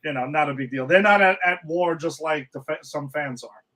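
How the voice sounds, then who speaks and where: A man hosting a podcast, casually recapping an episode in a relaxed, chatty way. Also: on the high side, brisk, low-quality recording. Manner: recapping plot, relaxed and chatty, says "you know" often. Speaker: podcast host. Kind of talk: casual chat.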